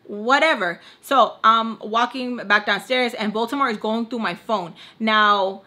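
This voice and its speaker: A woman's voice: a little high, a little slow, bright, forceful tone. A young woman vlogger casually retelling a story, acting out the quotes and slipping into Spanish now and then. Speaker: beauty vlogger telling a story.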